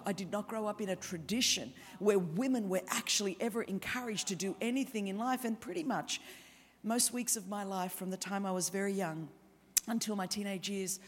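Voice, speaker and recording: An Australian woman in her fifties preaching a sermon, telling her own story with lively humorous asides. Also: medium pitch. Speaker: guest preacher. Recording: reverberant hall.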